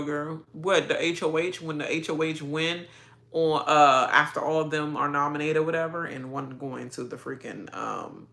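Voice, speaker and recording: A woman giving a casual reaction rant about a reality show, sassy and animated, often laughing at her own jokes. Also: deep voice.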